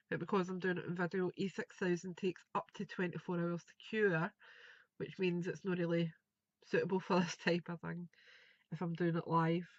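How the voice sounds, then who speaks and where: A woman's voice: on the low side, no room sound, muffled recording. A woman, chatting and thinking aloud as she demonstrates a craft project live. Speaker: craft tutor.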